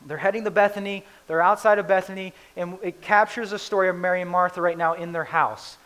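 A man with a slightly high voice preaches in a relaxed, conversational way. He retells a scripture story in his own casual words, with lively animation. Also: fast talker, clear, resonant tone, poor audio. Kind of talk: conversational sermon.

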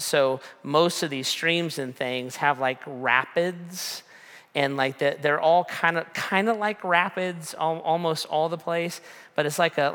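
Bright-voiced preacher in a reverberant hall. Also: male voice, a little high, clear, resonant tone. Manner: rambling, casual, many fillers and restarts. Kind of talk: storytelling sermon.

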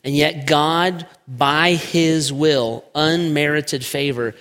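A man preaching a sermon in a church. He is emphatic and slows down to give weight to key words. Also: a little high, steady tone, fairly bright tone, clear, resonant tone. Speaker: pastor. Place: church sanctuary. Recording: long church hall reverb.

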